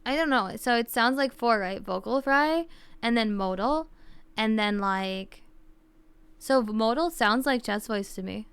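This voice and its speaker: A woman's voice: fairly high pitch, animated, unhurried, a bit bright, clean tone, dry recording. A woman streamer chatting casually on a livestream, thinking aloud and rambling with lots of fillers.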